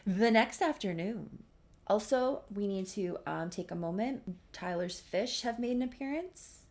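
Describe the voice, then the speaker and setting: A woman's voice: medium pitch, expressive, measured pace, a little mellow. A woman casually narrating a life-simulation game story, chatty with wry asides.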